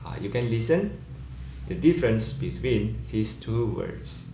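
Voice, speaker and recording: A man teaching English word stress in a slow, explanatory lecture, often adding "yeah". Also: lowish voice, sing-song, creaky, mellow. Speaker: pronunciation teacher. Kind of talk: recorded lecture. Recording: echoey room, faint ambient noise.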